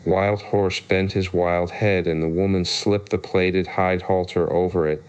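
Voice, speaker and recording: A man narrating a classic children's story aloud at an even, unhurried pace. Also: sits low, muffled recording. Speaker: audiobook narrator.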